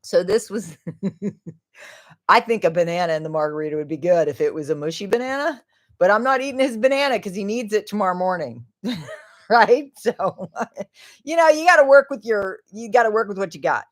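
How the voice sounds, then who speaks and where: A woman's voice: mid-range voice, expressive, normal speed. Chatty woman hosting a casual livestream. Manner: chatty, rambling, laughs often, trails off mid-sentence. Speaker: livestream host.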